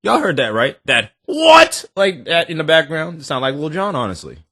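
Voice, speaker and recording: A man hosting a reaction video, talking in animated, joking, slangy banter. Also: on the high side, brisk. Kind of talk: casual reaction commentary.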